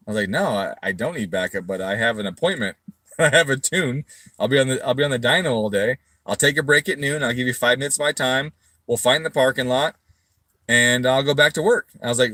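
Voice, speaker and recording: A middle-aged man telling a story casually to camera, swearing freely and acting out his own quoted replies loudly. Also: mid-range voice, a little fast, dry recording. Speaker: tuning shop owner.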